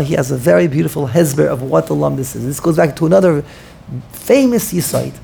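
Gravelly, husky rabbi giving a lecture. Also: male voice, on the high side, a little mellow. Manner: thinks aloud, repeats words, full of Hebrew terms. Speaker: rabbi teaching a class. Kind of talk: Talmudic lecture.

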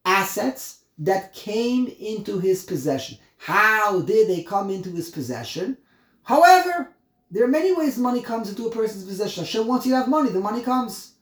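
A man teaching a text study class, explaining word by word, animated and emphatic, often repeating himself. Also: high voice, fairly quick, hardly any pauses, reverberant. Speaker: Torah teacher.

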